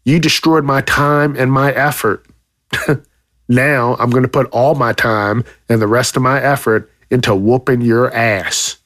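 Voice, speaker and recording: A man's voice: mid-range voice, no room sound. Dry, foul-mouthed ranting man. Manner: loud, swearing, exaggerated outrage. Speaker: podcast host. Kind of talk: profane comedic rant.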